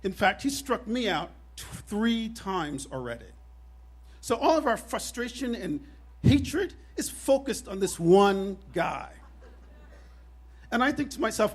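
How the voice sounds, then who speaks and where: Man in his fifties, live stage storytelling, high voice, husky, animated and wry. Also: unhurried. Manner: animated, wry, self-deprecating humor.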